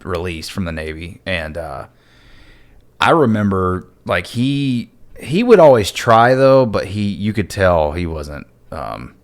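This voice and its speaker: A man in his thirties with a notably low voice speaks as a guest in a relaxed conversation. He talks haltingly, with frequent fillers and restarts. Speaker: podcast guest, Navy veteran. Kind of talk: casual conversation.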